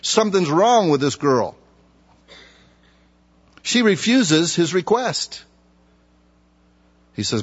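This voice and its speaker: A man preaches in a lively, conversational style and keeps firing emphatic rhetorical questions. His fairly high voice swings widely and has a husky edge. The recording is dull and lo-fi. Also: takes it slowly, long pauses. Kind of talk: expository sermon.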